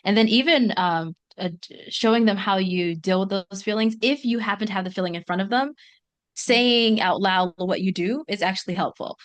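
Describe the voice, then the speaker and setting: Earnest woman guest talking quickly. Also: mid-range voice. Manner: earnest, fast, with many "like"s and restarts. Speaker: guest expert. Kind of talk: podcast conversation.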